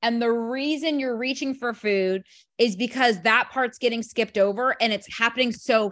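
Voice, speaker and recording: Female group coach, higher voice, emphatic, casual talk with many restarts. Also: normal speed, fairly bright tone. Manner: emphatic, leans on "literally" and "like", restarts often.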